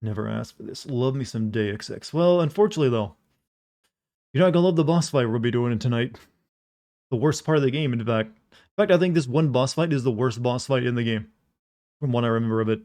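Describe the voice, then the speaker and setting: A man's voice: mid-range voice, fairly quick, a little mellow. Male streamer, sleepy, drawling, casual chat with viewers.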